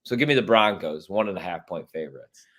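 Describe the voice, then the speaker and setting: A man's voice: deep voice, animated, a little fast, a bit bright. A man from Chicago hosting a sports podcast, giving blunt, profane, opinionated takes in casual chat.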